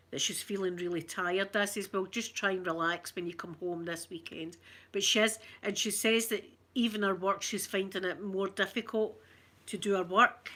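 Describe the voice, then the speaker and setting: A middle-aged Scottish woman streams ASMR, her voice low-ish, pushed and bright. She chats casually, drifting through rambling stories and reading viewer comments aloud.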